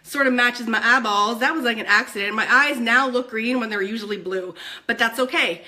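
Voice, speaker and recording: A woman giving a motivational vlog to camera as an online network marketing coach, bubbly and animated, openly excitable as she talks. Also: on the high side, brisk.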